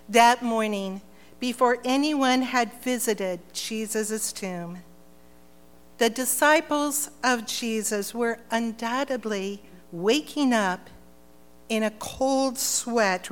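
A woman narrating an Easter church drama in a solemn, measured way. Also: fairly high pitch, fairly bright tone, clear, resonant tone, big-room sound. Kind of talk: scripted narration.

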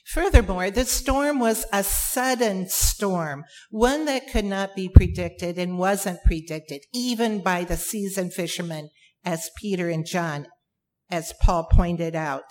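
A woman preaching a sermon, emphatic, with dramatic pauses and repeated phrases. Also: on the low side.

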